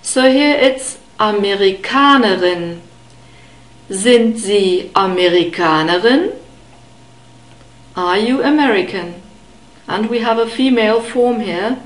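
A woman teaching German pronunciation to beginners, patiently repeating each word slowly and clearly. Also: on the high side, reverberant, poor audio. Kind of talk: slow, careful pronunciation lesson.

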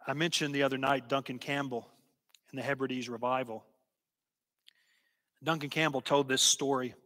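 A man preaching a sermon and telling a story, slow and emphatic, sometimes dropping to a hush. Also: mid-range voice, steady tone. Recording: long hall reverb.

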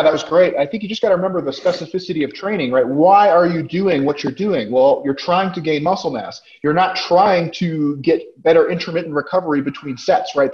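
A man's voice: fairly high pitch, a little mellow, muffled recording. A man co-hosting a webinar, explaining points in casual chat and often checking with "right?". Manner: explanatory, keeps asking "right?". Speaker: co-host. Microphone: video call.

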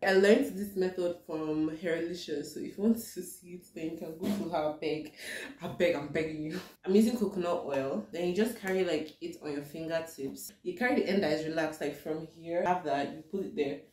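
A woman's voice: fairly low pitch, fairly quick, a little mellow. A young woman from Nigeria chatting casually in a home vlog, with dramatic, panicky exclamations and laughter. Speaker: vlogger. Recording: roomy, distant home recording.

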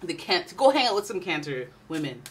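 A tarot reader hosts a casual, chatty reading in a playful tone, speaking briskly in a slightly low voice with big swings in pitch. She alternates between loud bursts and quiet asides, while a faint hiss runs beneath the recording.

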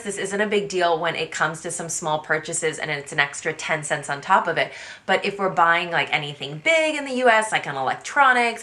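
Woman, 30s, from the USA, casual vlog, chatty and energetic, crisp bright tone. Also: fairly low pitch. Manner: energetic, chatty, quotes people in animated voices. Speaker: vlogger. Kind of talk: casual talk to camera.

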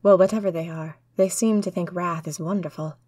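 A woman's voice: lowish voice, fairly even intonation, fairly quick, mellow, no echo, lightly acted. A woman voicing a wary male ally who speaks in a level, matter-of-fact way.

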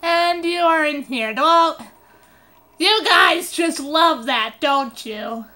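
A woman giving casual, excitable game commentary into a phone recording app, swearing freely and breaking into giggly outbursts. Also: sits high, slow pace. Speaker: gameplay commentator.

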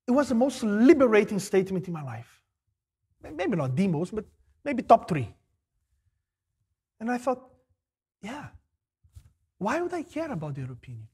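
A middle-aged male pastor preaching a sermon, animated, rising to emphatic exclamations. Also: sits high, moderate pace, pauses often, husky.

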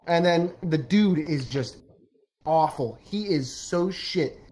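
A man's voice: fairly high pitch, slow, a little mellow. A man streaming with friends who tells jokes casually, laughs often, swears and restarts his sentences, speaking into a headset mic. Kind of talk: casual joke telling with friends.

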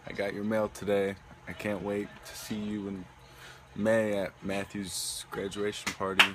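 A man's voice: on the low side, flat delivery, unhurried, very noisy. A man giving a plain, easygoing video greeting to his mother. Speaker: son recording a message. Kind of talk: casual video message.

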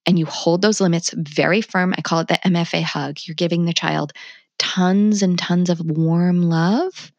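A woman's voice: lowish voice, fairly even intonation, moderate pace, a little mellow, dry recording, highs cut off. A middle-aged woman guest on a podcast, talking candidly and passionately about parenting, blunt and swearing freely. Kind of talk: candid conversational interview.

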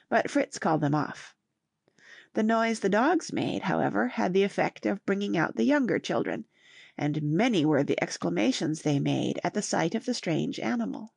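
A woman narrating a classic novel audiobook with steady, even reading. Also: on the low side, gravelly, slightly rough, no echo, studio quality.

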